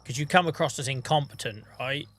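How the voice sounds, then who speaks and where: A man's voice: mid-range voice, a little fast, fairly bright tone. A man streaming a farming game, chatting casually in a rambling, self-deprecating way with the odd swear. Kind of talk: casual gaming stream chat.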